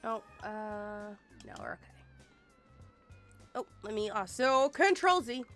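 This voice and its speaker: A woman with a mid-range voice speaks slowly while faint music plays. Gaming live, she chats playfully and with energy, humming and singing little pieces of songs.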